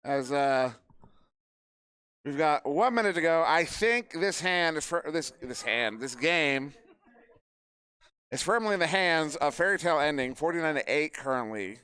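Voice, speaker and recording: A man's voice: on the high side, lively intonation, unhurried, pushed and bright, smooth. A man casting a live esports match, calling plays and chatting off-hand between them. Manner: chatty, jokes with people in the room between calls. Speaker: esports caster. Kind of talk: live esports play-by-play commentary. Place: live event venue.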